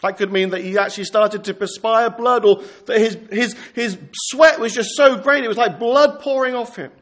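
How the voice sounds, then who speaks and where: High-voiced earnest male preacher. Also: fairly bright tone. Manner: earnest, pastoral, slows down for scripture quotes. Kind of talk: sermon.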